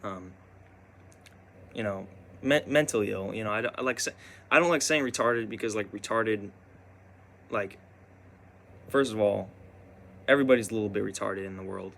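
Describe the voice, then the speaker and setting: A young man telling a personal story in a rambling, halting way, full of restarts and fillers. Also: on the low side, creaky, a bit bright, a little hiss or hum.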